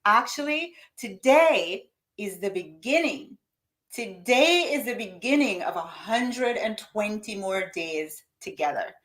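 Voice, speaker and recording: A woman's voice: mid-range voice, lively intonation, slow pace, fairly bright tone. A woman with a lot of energy leads a live online coaching session on money mindset. She speaks emphatically and directly to her viewers, as if each one were in the room with her. Now and then she reads their typed comments back to them. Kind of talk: live-streamed motivational coaching talk.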